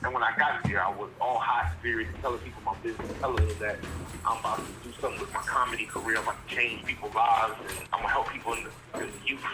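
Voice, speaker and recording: Calling from prison, this Virginia man in his forties gives a candid interview in an earnest, plainspoken way that tends to wander. The recording is low quality, and his voice sits in the mid range.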